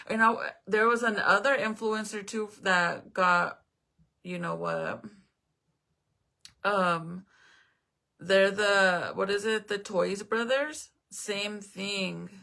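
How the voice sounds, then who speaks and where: A young woman talks loosely to her viewers from home, answering comments as she goes. Her voice has a gravelly fry under a bright, forward tone, and she swears offhandedly. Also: medium pitch, lively intonation, slow pace. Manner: chatty and rambling, swears casually, reads out viewer comments. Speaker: live streamer. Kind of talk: casual live-stream chat. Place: at home, indoors.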